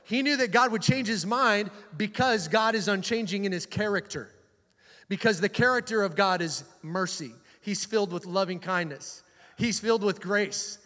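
Speaking in a large hall at a moderate pace, this male pastor has a voice that sits high. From a church stage he animatedly recounts Bible stories before softening into earnest exhortation of the congregation.

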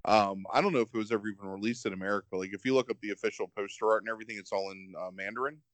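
A man co-hosting a podcast in casual chat, rambling and animated, filling with "like". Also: fairly low pitch, rapid-fire, no echo.

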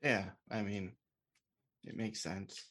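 A man's voice: on the low side, steady tone, a bit bright. A man voicing an awkward, guarded but kind young man in a tabletop role-play, speaking hesitantly. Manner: hesitant, halting, self-conscious.

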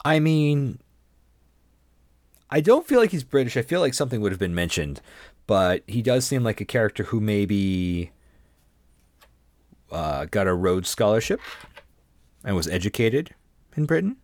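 A man's voice: on the low side, big pitch swings, unhurried, long pauses, darkish tone, no room sound, studio quality. A man co-hosting a casual book-discussion chat, answering in a wry, teasing way. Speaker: podcast co-host.

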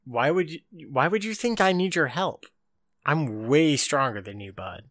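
A man's voice: fairly high pitch, lively intonation, a little slow, a bit bright, dry recording, studio quality, pitched above the performer's own voice. A man voicing a brash male villain warrior who talks in a boastful, crude and dismissive way. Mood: annoyed.

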